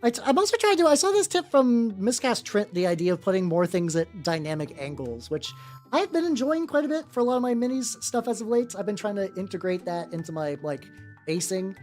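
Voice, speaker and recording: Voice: mid-range voice, sing-song, fairly quick, a little mellow, soft background music. A streamer chatting casually while painting miniatures, rambling with many stammered restarts and casual swearing.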